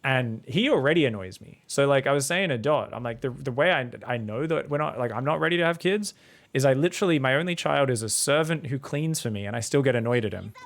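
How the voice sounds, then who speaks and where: Aussie guy in his 30s, gravelly voice, rambling chill game commentary, swears a bit. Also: medium pitch, lively intonation, quick pace. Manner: laid-back, rambling, swears casually. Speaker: StarCraft coach and streamer. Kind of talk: casual game commentary and chat with viewers.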